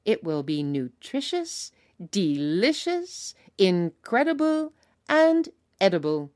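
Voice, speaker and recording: A woman voicing a boastful, cheerful male traveling cook who announces loudly in a sing-song way. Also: mid-range voice, big pitch swings, slow pace, voice pushed up.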